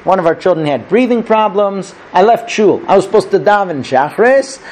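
High-voiced man teaching a chatty lesson. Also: expressive, moderate pace, darkish tone. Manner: chatty, checks in with listeners by asking 'okay?' and 'right?'; tells stories and acts out the characters. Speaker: rabbi teaching a class. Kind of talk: conversational Torah lesson.

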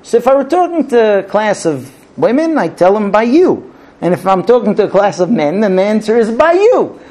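A man gives a spoken lesson as a rabbi, slipping into little acted-out arguments between husband and wife. His voice sits high and swings widely in pitch. He drops in Hebrew phrases and then explains them. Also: normal speed. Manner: animated, acts out squabbling spouses in quoted dialogue. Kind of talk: spoken lecture.

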